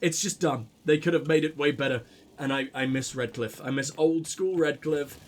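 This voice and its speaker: A man talks over a video game in a high, light voice, rambling and swearing as he plays. He mocks himself constantly, then drops into low mock-sultry muttering or jumps into sudden excited yelps. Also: moderate pace, a little hiss or hum. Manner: crude, self-mocking, rambling; swings between excited outbursts and low mock-sultry mumbling. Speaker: gaming channel host. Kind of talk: casual let's-play commentary.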